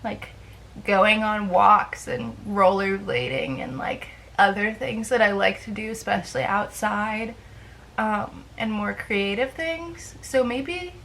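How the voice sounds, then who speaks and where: A woman's voice: medium pitch, vocal fry, a bit bright, a little hiss or hum, low-quality recording. A young woman chatting casually to camera in a rambling, self-deprecating way, with lots of fillers. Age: young adult. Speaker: vlogger.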